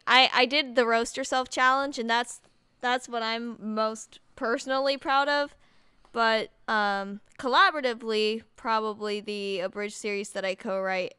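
A woman on a podcast, talking casually with hesitant pauses. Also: a little high, bright, forceful tone, clear, resonant tone, dry recording.

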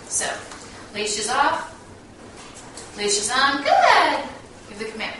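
A woman dog trainer giving a casual hands-on lesson indoors at home, explaining commands and breaking into high sing-song praise for the dog. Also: measured pace, background noise. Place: small room indoors in a house. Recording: echoey room, distant camera mic.

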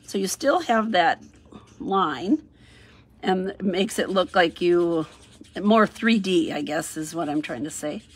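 A middle-aged woman talks through a stamping and coloring project in an easy, rambling way, narrating each step as she works. Her voice sits a little low and has a slightly husky edge. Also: expressive, slow. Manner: chatty, thinks aloud, sing-song "ta-da" while working. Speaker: craft demonstrator. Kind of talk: casual craft tutorial narration.

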